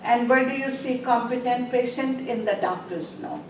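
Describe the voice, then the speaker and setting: Woman nursing tutor, high voice, drills the class with questions, recorded from across a roomy classroom. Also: normal speed. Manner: quizzes students and repeats "are we clear?"; stresses key words emphatically. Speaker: nursing exam review instructor. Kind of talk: classroom lecture. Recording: roomy, distant, faint background noise.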